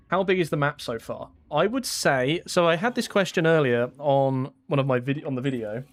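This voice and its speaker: A young man from England talks casually through a live game stream. His voice sits a little high for a man. He rambles in a friendly way, laughs often and reads his chat aloud. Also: moderate pace, faint music behind. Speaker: gaming streamer.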